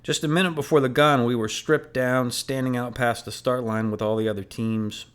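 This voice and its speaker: A man reading a novel aloud in first person, measured and earnest. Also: medium pitch, fairly even intonation, clear, resonant tone. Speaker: audiobook narrator.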